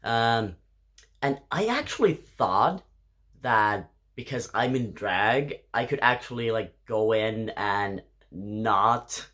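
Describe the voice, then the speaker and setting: At home late at night, a tipsy drag performer vlogs a rambling story, coughing now and then and restarting sentences, with plenty of filler words. His voice is fairly low, a bit bright, slow, and animated, and he's indoors.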